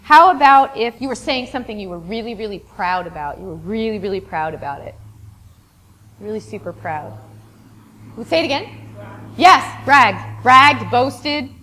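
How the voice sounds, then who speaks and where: A woman with a slightly high, sharp voice and lively intonation teaches an interactive workshop lesson in a classroom with a board, and a little hiss or hum can be heard. She's encouraging and often praises answers, sometimes rattling off long word lists rapidly.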